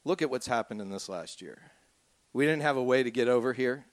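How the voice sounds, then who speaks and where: A pastor in his forties telling a personal story in a lively, conversational way, acting out what others said. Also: mid-range voice, a little fast, no room sound. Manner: animated storyteller who acts out quoted voices.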